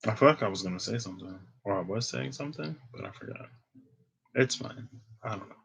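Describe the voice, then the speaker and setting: A man with a lowish, fairly bright, slightly rough and creaky voice gives a casual tarot reading to camera, talking fast and animatedly. He thinks aloud in a laid-back, rambling way, full of "like" and restarts, and laughs at himself.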